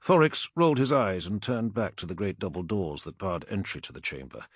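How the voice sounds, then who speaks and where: A man narrating a science fiction audiobook in a dramatic, measured style. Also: low-pitched, expressive, slightly rough, no echo, studio quality. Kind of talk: scripted narration.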